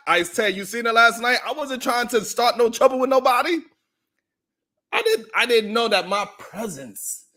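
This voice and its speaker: A man's voice: high-pitched, sharp tone. A man hosting a live stream, telling a story at length, acting out the voices in it and greeting his chat by name. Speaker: live stream show host. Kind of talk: animated live stream monologue.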